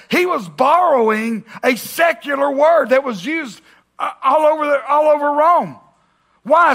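A man preaches to his congregation in an easygoing, conversational way. His voice sits high and rings bright. He drops in jokes and keeps checking in with the room. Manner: conversational preaching with jokes and audience call-outs. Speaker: pastor. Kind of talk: sermon. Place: church auditorium with congregation.

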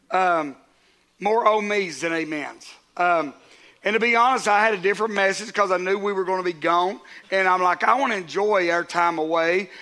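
A man's voice: high-pitched, bright, forceful tone. A man, a pastor preaching a sermon to his congregation in a conversational way, with asides to the crowd.

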